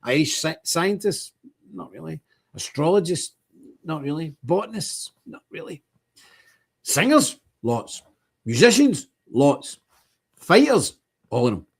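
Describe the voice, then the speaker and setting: A man's voice: fairly high pitch, sing-song, slow pace, vocal fry, pauses often, breathy edge. A man hosting a livestream, talking bluntly and emphatically, chuckling often. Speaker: livestream host. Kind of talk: casual ranting monologue.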